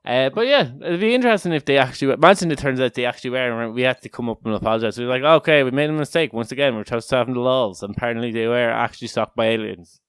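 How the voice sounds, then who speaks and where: A man's voice: mid-range voice, racing, a bit bright, clear, resonant tone, no echo, studio quality. A man co-hosting a casual podcast chat, joking, rambling and swearing freely. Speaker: podcast co-host.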